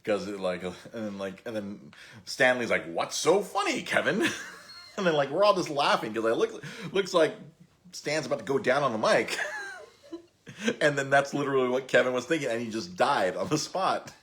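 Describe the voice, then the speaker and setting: A man's voice: medium pitch, lively intonation, normal speed, fairly bright tone, slight background noise. A man in his thirties hosting a podcast, telling stories in a rambling, laughing way with many restarts. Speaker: podcast host. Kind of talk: casual storytelling chat.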